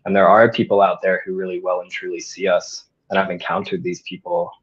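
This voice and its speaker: A man on a discussion panel, speaking in a thoughtful, measured way. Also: deep voice, little pitch movement, husky. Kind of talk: reflective discussion. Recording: dull lo-fi audio.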